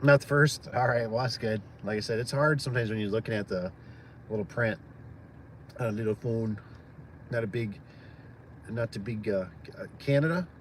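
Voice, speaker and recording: Speaking at a moderate pace with frequent pauses, a small business owner from Michigan rambles amiably on a live stream, using lots of fillers. His pitch is fairly low, and a little hiss or hum runs underneath.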